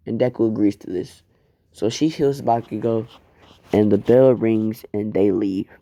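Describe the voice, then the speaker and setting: A man's voice: on the low side, steady tone, unhurried, warm tone. A man narrating improvised fan fiction in a casual, rambling, profane way. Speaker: fan storyteller.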